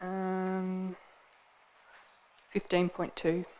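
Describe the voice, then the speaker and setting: A woman, a councillor, asking a formal question in a council chamber, measured and slightly hesitant. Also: lowish voice, monotone, darkish tone, slight background noise, poor audio.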